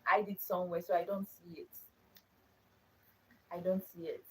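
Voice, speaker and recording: A woman's voice: fairly low pitch, little pitch movement, moderate pace, a bit bright, far from the mic, a little hiss or hum, poor audio. A young adult woman hosting her own channel, telling a personal story in an earnest way, repeating phrases for emphasis. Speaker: channel host.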